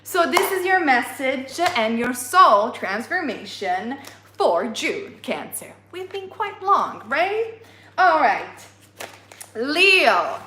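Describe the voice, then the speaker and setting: A woman giving an astrology reading, retelling a myth in an animated way and addressing listeners by their star sign. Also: high-pitched, slow pace, echoey room, background noise. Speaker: astrology reader. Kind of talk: tarot reading monologue.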